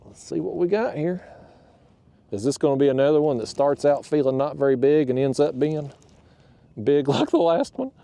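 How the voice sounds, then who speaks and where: Man, warm and relaxed tone, casual fishing-vlog host speaking from his kayak on a camera mounted to the boat. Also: on the high side, normal speed, vocal fry. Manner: folksy and chatty, talks out loud to the fish. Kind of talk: casual on-the-water vlog talk. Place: outdoors on a kayak on a reservoir.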